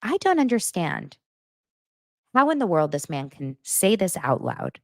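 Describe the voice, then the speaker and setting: A woman's voice: lowish voice, big pitch swings, a little slow, darkish tone, no room sound, clean studio sound. A woman hosting a pop-culture commentary show, ranting in a blunt, sarcastic, exasperated way. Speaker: host.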